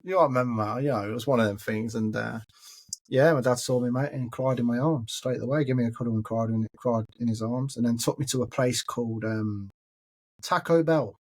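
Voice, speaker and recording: Husky English man telling stories. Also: medium pitch, a little fast, a little mellow. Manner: chatty, keeps addressing the listener as mate. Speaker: podcast host telling his story. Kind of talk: casual storytelling chat.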